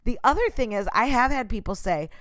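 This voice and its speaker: Woman, passionate motivational talk, smooth clear voice, dry close sound. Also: a little high, animated, brisk, fairly bright tone, no room sound. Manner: passionate, emphatic, talks to the listener directly. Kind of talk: casual motivational monologue.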